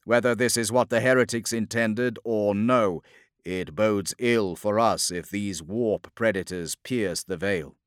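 A man voicing a stern male psychic space-marine commander in an audiobook, with low, measured, brooding commands. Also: smooth, no echo, clean studio sound, natural voice.

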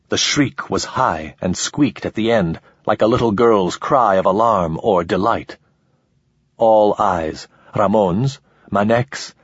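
Male audiobook narrator, low husky voice, dry close sound, a bit dull and lo-fi. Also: dry recording. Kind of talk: scripted narration. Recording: slightly dull lo-fi recording.

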